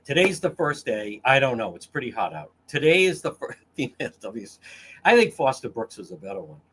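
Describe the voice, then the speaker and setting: A man's voice: medium pitch, big pitch swings, fairly quick, fairly bright tone, slight background noise. A man hosting a casual livestream, crude and mocking as he reads comments from chat. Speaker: livestream host.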